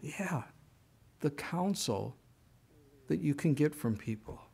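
A man pastor preaching a sermon in a conversational storytelling way, with animated asides and high, strained bursts when he acts out his own complaining. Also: takes it slowly, vocal fry, breathy edge.

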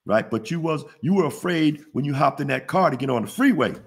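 A man with a fairly high voice hosts a money webinar on a video call. He talks in a folksy, preachy way and keeps asking his viewers questions. His pitch swings up and down a lot. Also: animated, brisk, husky. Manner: preachy, call-and-response, laughs at own jokes. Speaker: webinar host, business funding teacher. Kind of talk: casual motivational webinar teaching.

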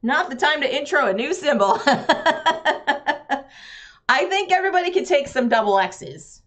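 A woman's voice: high voice, expressive, a little slow, fairly bright tone. A woman, chatting with viewers while playing a roll-and-write game on a live stream, laughing often.

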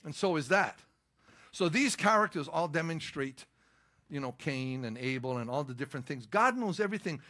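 A middle-aged male pastor preaching with a bright, forceful edge to his fairly high voice. He drives points home with sudden stressed lines, then drops into easygoing storytelling asides. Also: animated, moderate pace. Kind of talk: sermon.

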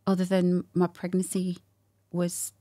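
A woman telling a personal story as a guest in a candid conversation, animated and acting out what people said, with frequent laughs. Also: lowish voice, measured pace. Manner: animated, acts out quotes, laughs often.

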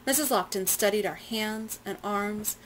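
A woman's voice: medium pitch, measured pace, slight background noise, rough recording. Woman teacher reading a novel aloud. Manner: plain reading with casual explaining asides.

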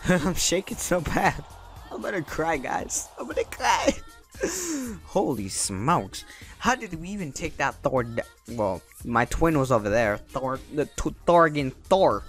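Excitable young man with lively pitch. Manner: excitable, yelps and laughs, repeats words. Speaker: gaming channel host. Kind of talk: excited gameplay commentary. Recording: faint game music behind.

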